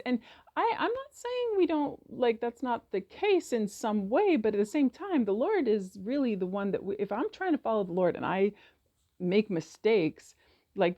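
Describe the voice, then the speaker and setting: Earnest, rambling woman with gravelly voice. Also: on the low side, mellow. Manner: earnest, rambling, many fillers and restarts; acts out prayers in a raised, heated voice. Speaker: podcast host. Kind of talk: casual faith reflection.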